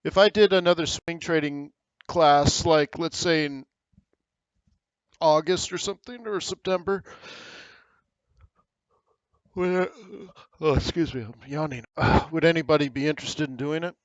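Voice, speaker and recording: A man's voice: a little high, moderate pace, clean tone, dry recording, lo-fi sound. An American man hosting a live trading webinar, giving casual, rambling market commentary with frequent fillers.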